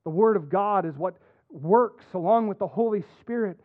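A man preaching a sermon as a pastor, earnest, dropping soft and then rising to emphatic points. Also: sits high, moderate pace, no echo. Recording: dry phone-like narrow sound.

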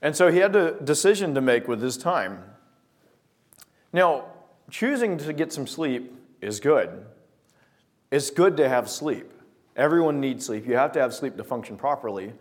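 A man telling a personal story with lively acted-out scenes, then drawing a devotional lesson from it. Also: medium pitch, measured pace, pauses often. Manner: lively storyteller, acting out scenes, often restarting words. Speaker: speaker telling a story to make a life lesson. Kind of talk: anecdote-driven devotional talk.

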